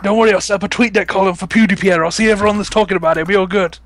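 High-pitched joking podcast guest man. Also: steady tone, a bit bright. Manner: joking, quick quips. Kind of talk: casual gaming podcast chat.

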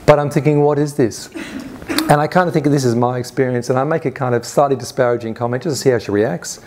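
A man at a mid-range pitch tells a personal story to a summit audience. He talks earnestly and conversationally, reliving events in the present tense, with frequent restarts and little fillers. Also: darkish tone. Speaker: conference speaker. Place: summit stage before an audience.

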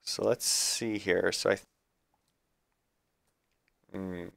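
A man's voice: low voice, steady tone, extremely slow, gravelly, a bit bright, no echo, studio quality. A man streaming a building game live, thinking aloud in a chatty, self-correcting way. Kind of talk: live gameplay commentary.

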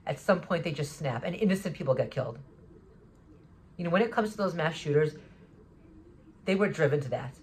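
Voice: medium pitch, lively intonation, fairly quick, pauses often, slight background noise. A vlogger talking in an agitated, rambling monologue, often restarting sentences and swearing. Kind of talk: monologue recounting an encounter.

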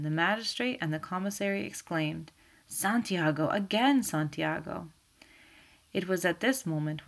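A woman reading a novel aloud and then explaining it in a relaxed, teacherly way, with fillers. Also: lowish voice. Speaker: reader and teacher.

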